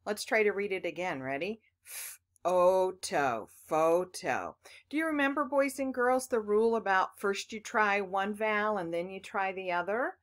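A woman's voice: medium pitch, fairly quick, hardly any pauses, fairly bright tone. A woman teaching children phonics, patiently sounding out words letter by letter and talking to the class as boys and girls.

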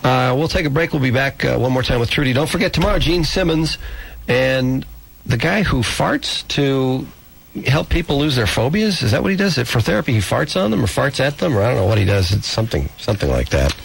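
A man's voice: fairly quick, creaky. An American man hosting morning radio, reading a book aloud and acting out quoted lines, taped from a radio broadcast. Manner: animated reading, acts out quoted lines in a high voice. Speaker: radio morning show host. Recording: home cassette recording of a radio broadcast, faint hiss.

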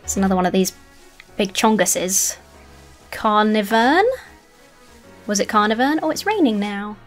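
A woman's voice: medium pitch, unhurried. A woman hosting a casual let's-play, chatty and gushing, swearing casually, with faint game music behind her. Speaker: gaming video host.

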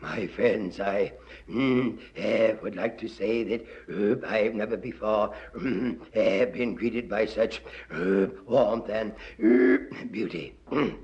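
A comedian voicing a smug, wealthy male politician who speaks slowly and halts with ums and ahs. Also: fairly low pitch, a little mellow, voice pushed down. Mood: pompous. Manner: slow, hesitant, full of ums and ahs. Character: smug rich male politician, pompous and halting. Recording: dull old lo-fi recording.

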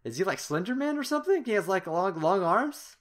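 A man playing a visual novel, reading it aloud and reacting with excitable outbursts. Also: high voice, a little fast. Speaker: gamer.

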